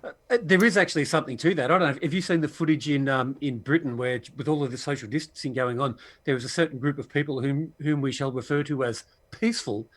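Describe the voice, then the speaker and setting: A man's voice: a little high, quick pace, hardly any pauses, fairly bright tone. A man co-hosting a casual commentary podcast, with a dry, sarcastic humor. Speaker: podcast co-host.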